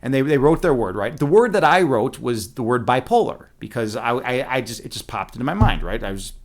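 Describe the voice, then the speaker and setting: A man telling a story in a casual rant, animated and profane, with many fillers and restarts. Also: medium pitch, fairly quick. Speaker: streamer.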